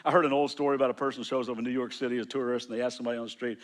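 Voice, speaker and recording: A man's voice: medium pitch, flat delivery. A middle-aged American man preaching a sermon in a loose, conversational way, often restarting his words as he tells a story. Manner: conversational, halting with frequent restarts. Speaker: pastor.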